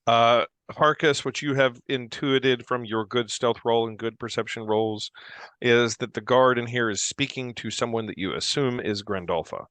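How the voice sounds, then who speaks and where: A man narrating as game master of a fantasy tabletop game, in a relaxed, halting way with fillers. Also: medium pitch, clean tone, dry recording.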